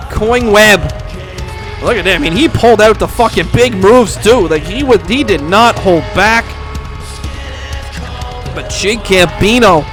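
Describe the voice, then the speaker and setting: A young man doing profane, excitable play-by-play for a hobby wrestling show, swearing constantly and breaking into shouted hype. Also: high-pitched. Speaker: fake wrestling commentator.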